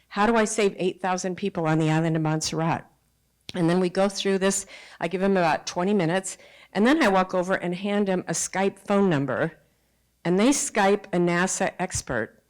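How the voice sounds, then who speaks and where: A woman presenting at a conference, telling a workshop story and acting out what people said. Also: on the low side. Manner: animated storyteller acting out quotes.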